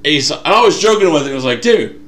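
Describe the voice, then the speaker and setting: Rapid-fire and on the high side, this young podcast co-host chats casually, spinning a story animatedly and performing the quotes in it.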